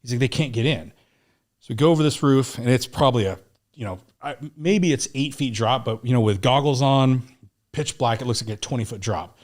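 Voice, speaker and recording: Profane, animated storyteller man. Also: mid-range voice, brisk. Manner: animated, profane war storytelling, acts out quotes. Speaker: guest. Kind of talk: casual storytelling in a podcast interview.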